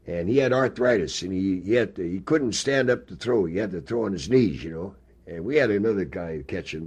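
Older man with a low husky voice. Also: darkish tone. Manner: rambling storyteller, folksy, many fillers. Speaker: interviewee, former ballplayer. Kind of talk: oral history interview.

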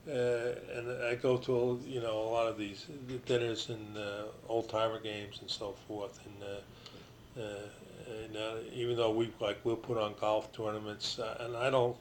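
An older man from New Jersey, a retired baseball pitcher, telling rambling stories as an interview guest, full of restarts and you-knows. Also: little pitch movement, a little slow, slight background noise, poor audio.

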